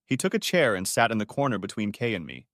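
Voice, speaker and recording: Bitter male story narrator, low voice, swings in pitch, dry close sound. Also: sing-song, quick pace, fairly bright tone, no room sound. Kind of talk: first-person story narration.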